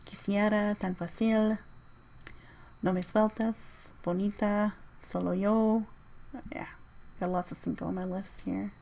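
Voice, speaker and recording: Podcast host, woman, easygoing solo ramble through a playlist, mid-pitched voice. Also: level tone, unhurried, gravelly, pauses often, dark tone. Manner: rambling, reads out a music list, spells out names.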